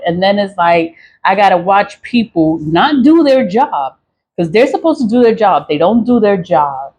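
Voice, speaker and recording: A woman's voice: mid-range voice, darkish tone, husky, rough recording. A woman venting in a casual, profane monologue, repeating herself and laughing between lines. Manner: angry, profane, repetitive venting. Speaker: vlogger.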